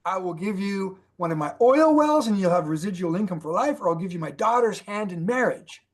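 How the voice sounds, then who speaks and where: A man's voice: high-pitched, lively intonation, a little fast. A man voicing a rich old oil-tycoon man with a folksy, grand announcing manner in a joke story.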